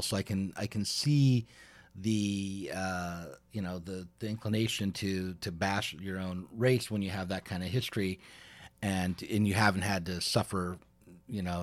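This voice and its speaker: Deep-ish guy hosting a chat, thoughtful, trails off quiet, dry sound. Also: dry recording. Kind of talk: casual conversation.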